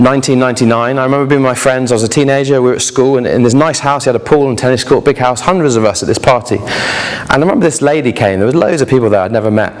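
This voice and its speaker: A man in his late twenties preaching a sermon, telling stories with lively voices and asking the congregation questions. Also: mid-range voice, a little hiss or hum. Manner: lively storytelling, asks the audience questions. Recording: echoey hall.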